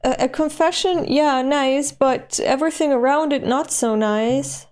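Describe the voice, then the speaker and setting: Slow, higher-voiced woman reacting to manga. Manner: expressive, animated, swings high when moved. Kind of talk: emotional read-along reaction.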